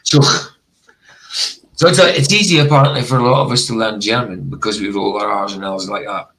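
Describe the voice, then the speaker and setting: A man from northeast Scotland with a Doric Scottish accent, rolling his R's strongly in casual chat as a stream host; his voice is a bit rough today. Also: fairly low pitch, quick pace, a bit bright, rough recording. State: slightly rough voice.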